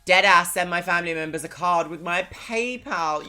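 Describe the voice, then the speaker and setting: Bubbly low-voiced young London woman. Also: normal speed, pushed and bright, soft background music. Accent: London English. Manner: bubbly, chatty, laughs often. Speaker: streamer. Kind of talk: casual live-stream chat.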